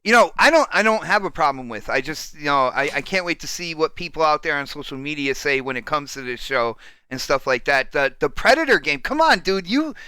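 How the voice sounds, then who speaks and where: A man hosts a loose panel chat with a bright, clean tone that sits a bit high for a man. He sounds excitable and teasing, leaning on dude and man. The sound is dry and close. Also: fairly quick, smooth. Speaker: podcast host.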